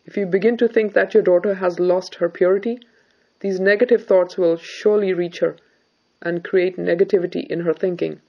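A woman voicing a serious, devout middle-aged husband who calmly consoles his wife about faith. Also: on the low side, vocal fry, highs cut off. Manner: calm, consoling, preaching.

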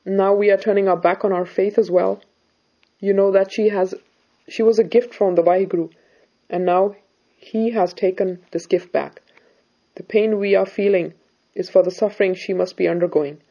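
A woman voicing a serious, devout middle-aged husband who calmly consoles his wife about faith. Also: medium pitch, normal speed, dull audio, natural voice. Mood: gently consoling. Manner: calm, consoling, preaching.

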